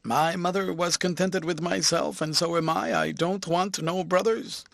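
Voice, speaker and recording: A man's voice: high-pitched, steady tone, moderate pace, gravelly, fairly bright tone, no room sound, clean studio sound. A man voicing a grudging, blunt working-class male coach driver in an audiobook reading. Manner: grudging, blunt, rustic speech.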